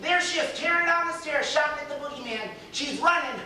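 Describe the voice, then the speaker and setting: A woman's voice: high-pitched, a little fast, sharp tone. A woman telling a story playfully, often laughing, recorded far off in a noisy echoey room.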